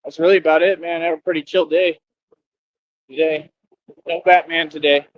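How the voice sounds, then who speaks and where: Streamer, man, boastful scornful rambling rant, slightly high voice, muffled lo-fi audio. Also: flat delivery, moderate pace, no echo.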